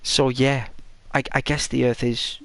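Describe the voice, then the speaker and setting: A sleepy man giving rambling, musing commentary over a relaxed gameplay video. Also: mid-range voice, measured pace, creaky, no room sound. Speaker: channel host.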